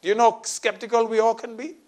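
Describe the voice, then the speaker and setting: Male pastor, middle-aged, high voice; storytelling sermon delivery with quiet asides and sudden emphatic peaks. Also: little pitch movement, fast talker. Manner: storytelling, shifts between soft asides and raised emphatic lines.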